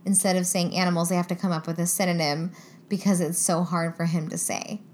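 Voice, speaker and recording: A woman's voice: lowish voice, level tone, a little fast, a little mellow, a little hiss or hum. Chatty, giggly young woman. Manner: chatty, giggly, trails off mid-sentence. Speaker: podcast co-host. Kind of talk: casual chat.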